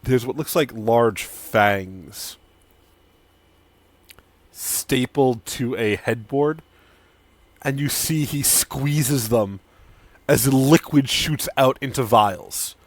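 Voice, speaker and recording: A man narrating as game master of a tabletop role-playing game, telling the scene in a relaxed storytelling way. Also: mid-range voice, drawn-out words, long pauses, dry recording.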